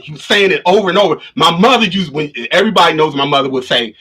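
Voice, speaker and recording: A man's voice: fairly high pitch, expressive, rapid-fire, few pauses, pushed and bright, husky. A man vlogger telling a story casually to his livestream viewers, rambling and restarting often. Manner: rambling, with many restarts and repetitions. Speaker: spiritual vlogger. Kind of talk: casual storytelling to a live stream audience. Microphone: camera of a livestream setup.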